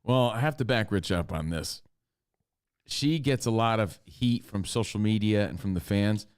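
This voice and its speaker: A man's voice: lowish voice, moderate pace, clear, resonant tone. A man co-hosting a casual sports talk show, arguing and cracking jokes with his partner. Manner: joking, argumentative, teasing back and forth. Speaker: co-host.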